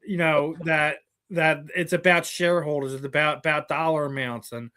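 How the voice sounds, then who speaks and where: A male host talking combat sports in a relaxed chat, his voice sitting a little high and sounding bright and forceful. He builds long, winding arguments, piling one opinion onto the next. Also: normal speed, clean tone. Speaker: interview host.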